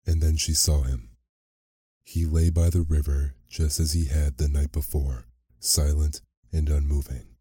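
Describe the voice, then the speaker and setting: Very deep, slow sleep-story narrator, man. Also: steady tone, husky, dry recording, clean studio sound. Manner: slow, soothing, soft reading.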